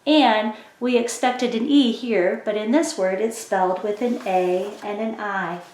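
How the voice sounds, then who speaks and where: Slow, patient woman teaching phonics. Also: mid-range voice, steady tone, darkish tone. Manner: slow, clear, encouraging classroom explanation. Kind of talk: phonics lesson for children. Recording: echoey room.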